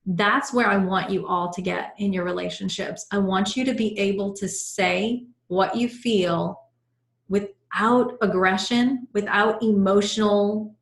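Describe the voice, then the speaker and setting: A woman's voice: medium pitch, steady tone, unhurried. A middle-aged woman teaching an online class as a life coach, guiding listeners through breathing and telling personal stories in an earnest way. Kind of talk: live video-call class talk. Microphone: video call. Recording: roomy video-call audio.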